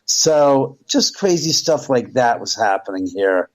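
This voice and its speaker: A middle-aged man, a radio show guest, telling a story with lively quoted voices. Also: mid-range voice, measured pace, low-quality recording.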